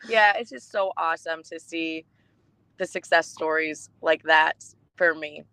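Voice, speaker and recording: A woman co-hosting a podcast, telling stories in casual chat, warm and emotional, with many restarts. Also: low voice, measured pace, clear, resonant tone, dry recording, low-quality recording. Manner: chatty storytelling with restarts, emotional. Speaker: podcast co-host.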